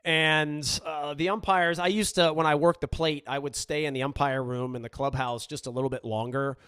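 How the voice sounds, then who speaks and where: A middle-aged man hosting a podcast, telling a story in a relaxed, chatty way with frequent restarts. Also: a little high, normal speed, smooth, no echo. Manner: relaxed, conversational, frequent restarts and "you know". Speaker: podcast host. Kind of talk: storytelling in casual chat.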